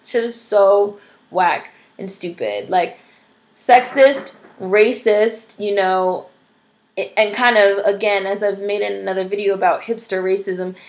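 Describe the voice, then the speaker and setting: A woman's voice: medium pitch, a little slow. A young adult woman vlogging, ranting bluntly and profanely, full of "like" and "you know". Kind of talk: casual ranting commentary to camera.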